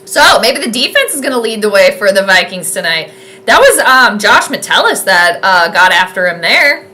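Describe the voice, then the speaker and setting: A woman giving chatty, excitable live commentary on a football game from home, rambling with lots of fillers. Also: mid-range voice, normal speed. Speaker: sports streamer doing live game commentary.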